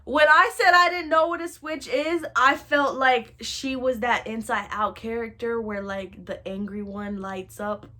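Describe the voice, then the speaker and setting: Animated bright-voiced young woman. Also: a little high, measured pace, few pauses. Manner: animated and dramatic, shouting and wailing re-enactments; laughs through the telling. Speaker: storyteller. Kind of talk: casual storytime.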